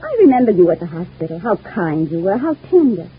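An actress playing a clingy, lovesick young widow in a 1940s radio soap, talking in a gushing, wistful and intense way. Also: female voice, on the low side, very animated, brisk, slightly rough, exaggerated voice. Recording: tinny old radio broadcast.

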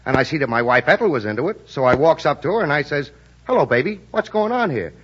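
An actor playing an easygoing Brooklyn husband in a 1940s radio comedy, with a husky, slangy delivery, on a lo-fi old broadcast. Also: male voice, on the high side, very animated, fast, a bit bright, full character voice. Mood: narrating letter.

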